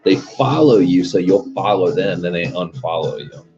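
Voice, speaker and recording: A young man with a deep, expressive voice chats casually on a live stream at a moderate pace, spinning a loose, profane story and chuckling often. The lo-fi audio is dull, with faint music in the background.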